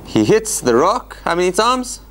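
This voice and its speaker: Male rabbi lecturer, slightly high voice, very animated pitch, quizzes the class. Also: normal speed, slight background noise. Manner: animated, questioning the class and acting out quotes. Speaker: rabbi teaching a Bible study class.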